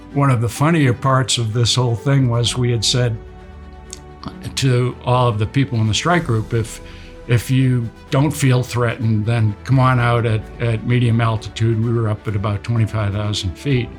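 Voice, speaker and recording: An older man, a retired naval aviator, recounting a combat mission in a relaxed storytelling way with many fillers. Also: medium pitch, normal speed, faint music behind.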